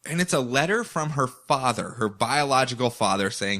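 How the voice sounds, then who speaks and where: A man hosting a podcast, recapping comic books with animated, jokey storytelling. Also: mid-range voice, moderate pace, hardly any pauses. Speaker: podcast host.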